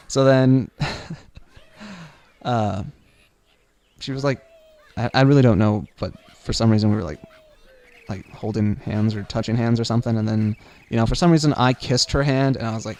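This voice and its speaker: A young man tells a long personal story in a loose, rambling way, full of fillers and little laughs. His voice sits a bit on the low side. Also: moderate pace, long pauses, darkish tone. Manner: rambling, many fillers, laughs while telling. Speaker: vlogger. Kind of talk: casual storytelling.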